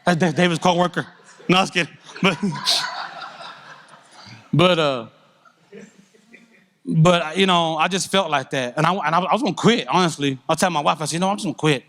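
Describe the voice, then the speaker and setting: A middle-aged man giving a candid, conversational testimony at a church service, telling his story with animated feeling. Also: a little high, normal speed, long pauses.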